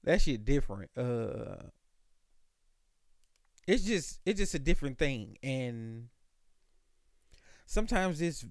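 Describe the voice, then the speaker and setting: A man's voice: medium pitch, sing-song, takes it slowly, long pauses, no room sound, clean studio sound. A man hosting a podcast on his own, telling stories in a loose, profane, slangy way. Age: adult, calls himself an old dog. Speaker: podcast host. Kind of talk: casual solo podcast monologue.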